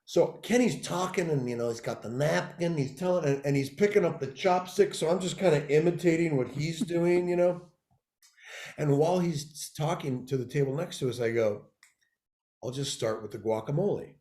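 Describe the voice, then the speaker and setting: Man, guest storyteller, animated and cursing, slightly high voice, echoey room. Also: moderate pace, slight background noise. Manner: lively anecdotal, swearing, acting out others' lines. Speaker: interview guest.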